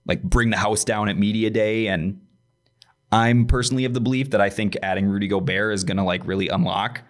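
Lower-voiced man explaining in casual chat. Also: fairly quick. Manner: explanatory, precise about details, peppered with "like". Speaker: podcast co-host.

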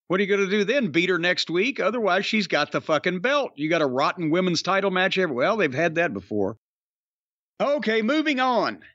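A man's voice: high-pitched, fairly bright tone, dry recording, highs cut off. A man hosting a wrestling podcast, talking bluntly and profanely with emphatic stresses. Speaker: podcast host reviewing wrestling. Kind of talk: casual podcast chat.

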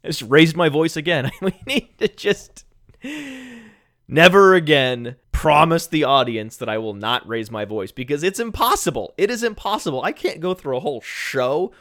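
A man hosting a sports podcast alone, sarcastic and mock-calm, who keeps bursting into shouts. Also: fairly high pitch, moderate pace, no room sound, clean studio sound. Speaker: fantasy football podcast host. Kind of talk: sarcastic solo podcast rant. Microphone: studio microphone.

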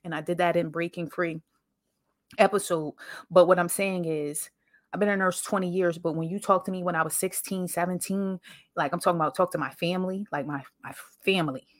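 Animated woman podcaster telling stories. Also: fairly low pitch, fairly quick, no room sound, studio quality. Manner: animated storyteller, acts out quoted voices, laughs often. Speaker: podcast host. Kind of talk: casual motivational monologue.

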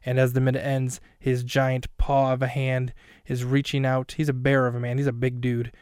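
A man's voice: mid-range voice, monotone, moderate pace, darkish tone, clear, resonant tone, dry recording, clean studio sound. A man hosting a podcast who recaps a film scene by scene in a rambling, self-mocking way with plenty of fillers. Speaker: podcast host.

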